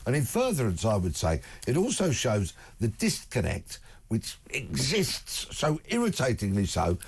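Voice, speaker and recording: A man's voice: mid-range voice, huge pitch swings, measured pace, vocal fry, husky. A man, a guest on a talk radio show, speaking emphatically and stringing together long spoken lists. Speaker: studio guest. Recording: broadcast studio.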